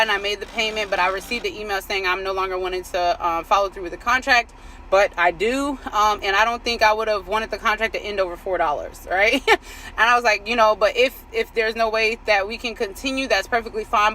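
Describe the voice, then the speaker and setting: A woman's voice: on the high side, pushed and bright, slight background noise, poor audio. A woman who coaches on faith, telling a personal story in a chatty way, full of "like" and "right?" and affirmations about trusting God. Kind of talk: casual faith talk. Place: outdoors. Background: passing vehicles.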